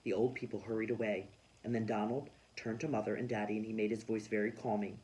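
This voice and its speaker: A man reading a children's storybook aloud in a lively, expressive way. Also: lowish voice, fast talker, low-quality recording. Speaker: children's book reader.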